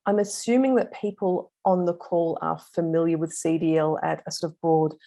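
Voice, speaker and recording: A woman giving an academic law presentation on an online call, measured and steady with frequent pauses and ums. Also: low-pitched. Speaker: invited speaker on law. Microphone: video call.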